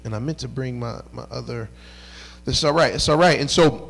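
A man's voice: a little high, expressive, normal speed, creaky. A man in his thirties, a pastor preaching a midweek sermon in a conversational style that rises into emphatic bursts.

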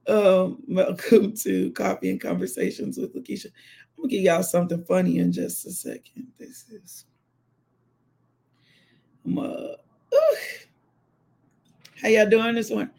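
A woman's voice: medium pitch, moderate pace, creaky, a little mellow, slightly rough. A woman hosting a morning devotional show, chatting casually and laughing with her live viewers. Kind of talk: casual chat.

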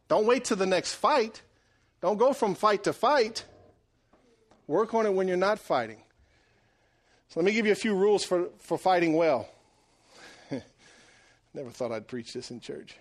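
A middle-aged man preaching a sermon, animated and joking, swinging between loud and hushed delivery. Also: sits high, moderate pace, long pauses. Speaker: pastor.

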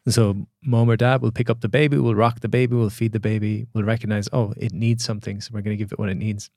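A man's voice: on the low side, fast talker, no room sound, studio quality. A man, a podcast guest and coach talking casually and acting out the voices in his stories. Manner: animated storyteller acting out quoted voices.

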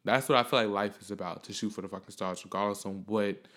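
A young man hosting a podcast, telling a rambling, profane story in a casual, animated way. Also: lowish voice, quick pace. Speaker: podcast host.

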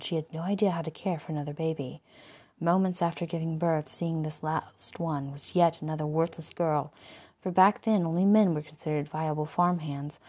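A woman reading a first-person gothic story aloud in a measured storytelling delivery. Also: low-pitched, darkish tone. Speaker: audiobook narrator. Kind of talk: first-person scripted narration.

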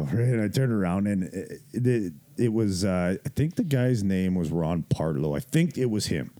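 Low, mellow-voiced man swearing through a story. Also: moderate pace. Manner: profane, laughing, animated retelling with quoted voices. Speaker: podcast host telling a story. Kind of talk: casual storytelling.

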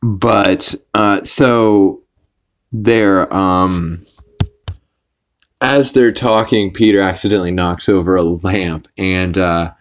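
A man hosting a podcast, casually recapping a cartoon episode in a rambling way with fillers and quick put-on voices for quotes. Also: low-pitched. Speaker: podcast host.

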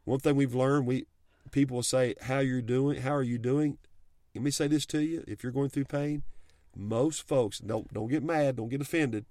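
A man's voice: mid-range voice, normal speed, darkish tone, no echo. Middle-aged guy talking faith and marriage, folksy and earnest, dry close sound. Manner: earnest and folksy, with many restarts and plain talk. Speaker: married Christian speaker sharing advice. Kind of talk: heartfelt talk on marriage and faith.

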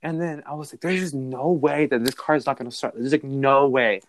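A young man telling a story in a casual, animated and profane way, with a background. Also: medium pitch, a little fast, a little hiss or hum.

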